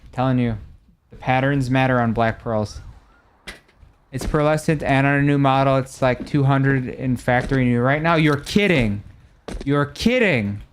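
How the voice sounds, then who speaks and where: A young adult man streaming live, chatting casually with his viewers and reacting animatedly, his voice swinging between loud and soft. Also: medium pitch, steady tone, moderate pace, a little hiss or hum.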